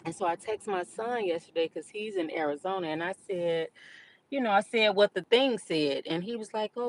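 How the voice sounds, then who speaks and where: A woman's voice: low-pitched, poor audio. Chatty middle-aged woman talking while driving. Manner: chatty, candid, vents loudly about other drivers. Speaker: vlogger. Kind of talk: casual chat while driving. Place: in a car.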